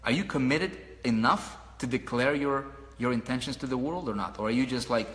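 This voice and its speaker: Brief: male marketing mentor, mid-pitched, animated, preachy, keeps asking the audience questions, long room reverb. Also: brisk. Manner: animated, repeats himself, asks listeners questions; paces around while talking. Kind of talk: motivational talk to an audience.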